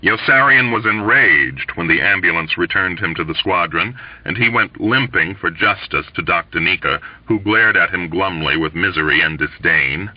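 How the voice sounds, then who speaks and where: Low-voiced guy reading an audiobook, lively, dull lo-fi dry audio. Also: normal speed, few pauses, no echo. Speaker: audiobook reader. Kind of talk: novel reading.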